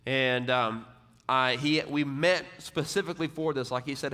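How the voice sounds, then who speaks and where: Young man preaching in a reverberant hall. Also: a little fast. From Texas. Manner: casual, conversational preaching with many "like" fillers and repeated words; drops quieter and lower when voicing quoted people. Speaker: college ministry speaker. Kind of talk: sermon. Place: church or ministry hall.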